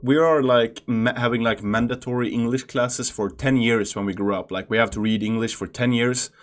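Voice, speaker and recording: A man's voice: medium pitch, fairly even intonation, normal speed. A young Swedish man with a Swedish accent, giving loose, chatty reaction commentary with plenty of fillers and restarts. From Sweden. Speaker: reaction channel host.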